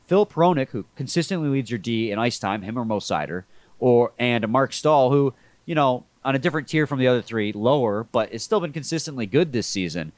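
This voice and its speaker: A man with a head cold hosts a sports podcast, his voice congested and sitting at an ordinary middle pitch. He talks in a laid-back, rambling way, often restarting his sentences. The recording is dry and close, with no room sound. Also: brisk, no room sound. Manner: relaxed, rambling, self-correcting. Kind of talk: casual sports podcast chat.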